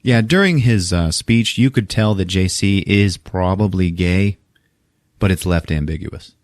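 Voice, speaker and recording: A man's voice: sits low, measured pace, no room sound, clean studio sound. A man casually recapping a film on a podcast, acting out the characters' lines, laughing often and swearing freely. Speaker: podcast host.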